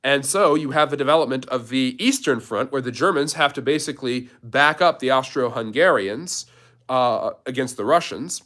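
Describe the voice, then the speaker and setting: A man's voice: medium pitch, moderate pace, a bit bright. A man hosting a live history Q&A, explaining events step by step in a storytelling way. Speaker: history channel host.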